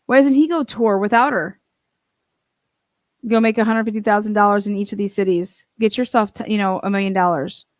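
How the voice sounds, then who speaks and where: A woman's voice: mid-range voice, a little fast, no room sound. A woman hosting a livestream, giving casual, blunt, profane commentary in an incredulous tone.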